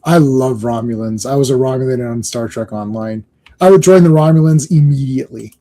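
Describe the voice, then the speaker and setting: A man's voice: medium pitch, a little fast. A middle-aged man co-hosting a podcast, telling rambling stories in casual chat and laughing often. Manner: animated, rambling storyteller who laughs often. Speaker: podcast co-host.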